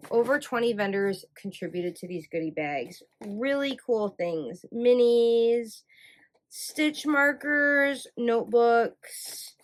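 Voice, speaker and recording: Woman host from Michigan, unhurried and enthusiastic show-and-tell chat, filler-heavy, mid-pitched. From Michigan, USA. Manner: chatty and enthusiastic, many ums and likes. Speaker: yarn dyer and podcast host.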